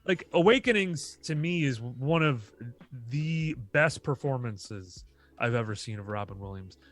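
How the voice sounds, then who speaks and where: A man's voice: mid-range voice, lively intonation, unhurried, fairly bright tone, soft background music. A man co-hosting a podcast, chatting casually and rambling a little, with free swearing. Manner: rambling, loose, swears freely. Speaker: podcast co-host. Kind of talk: casual chat.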